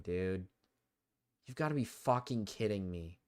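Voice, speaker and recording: A young man who's sick with a cold commentates a live gaming stream, swearing and complaining out of frustration. His mid-range voice is smooth and moves at a measured pace.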